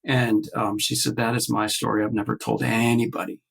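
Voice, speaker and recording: Gravelly man telling a story haltingly. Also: mid-range voice, flat delivery, fairly bright tone, low-quality recording. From based in Nashville. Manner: halting, many fillers and restarts, acts out quoted voices. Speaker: guest artist. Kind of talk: casual interview storytelling.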